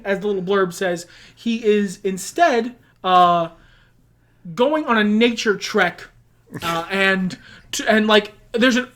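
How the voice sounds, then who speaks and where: A young man co-hosting a casual comedic chat who recaps a wrestling booking game, laughing often and swearing freely. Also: sits high. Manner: animated, swearing, laughs often, acts out quotes.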